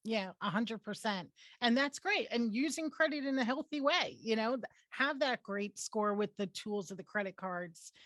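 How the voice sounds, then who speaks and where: A woman's voice: fairly high pitch, expressive, moderate pace, hardly any pauses, fairly bright tone, no room sound. Upbeat woman host, dry close sound. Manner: brief affirmations, upbeat. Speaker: podcast host, credit coach. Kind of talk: casual interview hosting. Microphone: video call.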